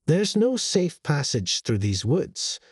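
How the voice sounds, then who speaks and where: Male narrator doing a croaking old crone, sly and secretive, raised pitch, husky and breathy, dry sound. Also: big pitch swings, slow, no echo, heavily acted. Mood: ominous. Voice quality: croaking, cackling. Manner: secretive, hissing and ominous. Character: sly cackling old woman of the woods.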